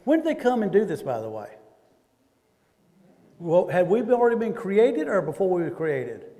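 A man with a Southern American accent preaches in a casual, questioning way, pulling the congregation in as he goes. His voice sits high for a man. It carries with a long reverb through a church hall. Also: wildly swooping pitch, normal speed, mellow. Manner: conversational, asks the congregation questions. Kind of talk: sermon.

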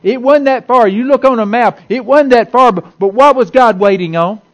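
A man's voice: very high voice, moderate pace, muffled recording. A man preaching a sermon to a congregation in a folksy, conversational way, repeating himself and restarting often. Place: church hall with a congregation.

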